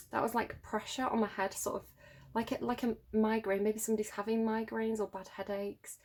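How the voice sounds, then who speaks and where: A woman's voice: medium pitch, slight background noise. A woman reading tarot cards to camera at home, musing and thinking aloud with many fillers. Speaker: tarot reader. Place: home room near a road.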